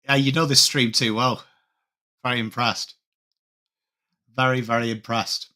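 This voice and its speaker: A man on a live stream, chatting with viewers and calling the game, with excited outbursts on big plays. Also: medium pitch, unhurried. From England. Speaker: watchalong streamer. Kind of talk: live game commentary mixed with chat.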